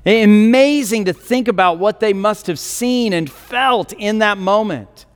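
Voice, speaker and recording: A man's voice: sits high, a little slow, clear, resonant tone, long reverb tail. A male pastor telling a scripture story in a sermon, with many restarts and fillers.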